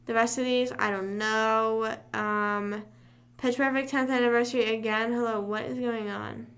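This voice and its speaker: A woman's voice: a little high, steady tone, normal speed, a bit bright. A young woman hosting a casual livestream, chatting loosely, rambling and humming to herself between thoughts. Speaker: livestream host. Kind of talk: casual live chat.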